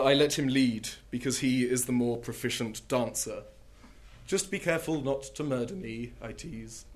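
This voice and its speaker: A man, a comedian and poet doing stand-up and reading his poems with a dry deadpan delivery. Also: medium pitch, a little hiss or hum.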